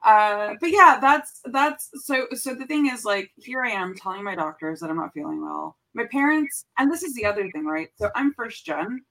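This podcast guest, a woman in her thirties, has a voice on the high side, a moderate pace and hardly any pauses. Her casual chat is candid and animated storytelling, sprinkled with fillers and Spanish phrases.

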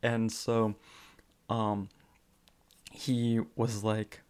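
A man speaks extremely slowly in a fairly low, darkish, clean voice with little pitch movement, casually retelling funny stories for a presentation. His chatty delivery includes fillers and chuckles between phrases.

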